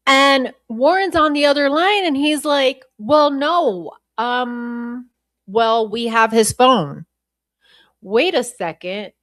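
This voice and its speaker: A woman podcast host with a fairly high voice talks slowly and bluntly. She swears freely and sounds indignant, and her voice comes across dry and close. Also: a bit bright, no echo. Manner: blunt, profane, indignant asides. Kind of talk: live commentary over a played clip.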